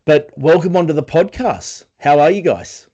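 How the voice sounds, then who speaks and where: An upbeat man hosting a rugby podcast in an easy, chatty way. His voice sits a little high for a man, and he sounds friendly and relaxed as he welcomes his guests. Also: normal speed, husky, highs cut off. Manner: upbeat, chatty, says mate. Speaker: podcast co-host. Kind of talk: casual chat.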